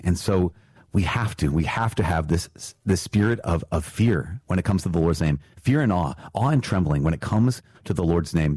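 A man's voice: sits low, mellow, breathy edge, dry recording. A man, a priest, teaching the faith in an earnest, casual way, often restarting and correcting himself before leading a prayer. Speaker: priest and podcast host. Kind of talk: conversational catechism teaching with prayer.

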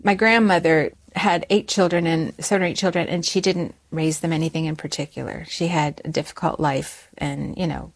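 A middle-aged woman telling a personal story in an interview, animated and often restarting her words, jumping higher when she quotes herself. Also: moderate pace, few pauses. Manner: animated, rises high when quoting herself; frequent restarts and repeated words.

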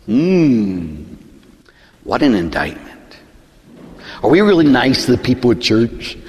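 A man preaching a sermon as a pastor, acting out voices in his stories and dropping low and intense for emphasis. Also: big pitch swings, slow. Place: church. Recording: church hall reverb.

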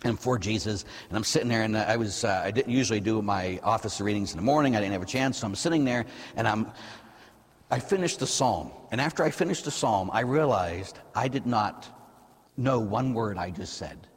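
A middle-aged American man, a priest giving a lively, conversational sermon in a church. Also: lowish voice, a little fast, slightly rough, in a large hall. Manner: lively, conversational preaching, asks the audience "huh?".

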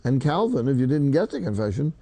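A man's voice: mid-range voice, sing-song, fast talker, vocal fry, mellow, dry recording. An older man, a priest, preaching a sermon in a folksy, emphatic way, quoting scripture.

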